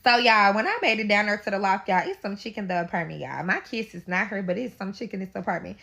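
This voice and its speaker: Young woman, storytime vlog, cursing, talks straight to y'all, bright. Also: mid-range voice, lively intonation, gravelly, dry recording. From St. Louis. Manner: profane, addresses viewers as y'all, drawn-out dramatic telling.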